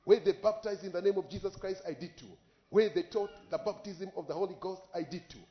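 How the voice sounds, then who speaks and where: A man preaches in a fairly high voice, telling his story with passion and crying out on the exclamations. The recording is dull and lo-fi, and his words ring in a roomy echo. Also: fairly quick. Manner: impassioned storytelling, voice rising in exclamations. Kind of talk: sermon with live interpretation.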